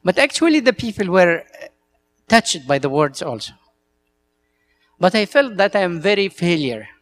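A man's voice: high-pitched, big pitch swings, normal speed, gravelly, a bit bright. A male priest with an Egyptian Arabic accent, a native Arabic speaker, giving an earnest talk to church servants and telling stories in broken English.

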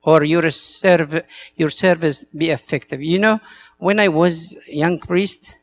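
A man's voice: fairly high pitch, fairly even intonation, takes it slowly, faint music behind. A male priest with an Egyptian Arabic accent, a native Arabic speaker, giving an earnest talk to church servants and telling stories in broken English.

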